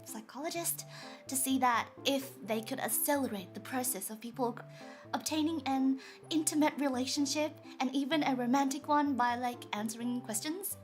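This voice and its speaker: A woman's voice: high voice, moderate pace, soft background music. A woman hosting a stream, chatting playfully with frequent stammers, teasing and laughs. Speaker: streamer host. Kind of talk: playful casual chat.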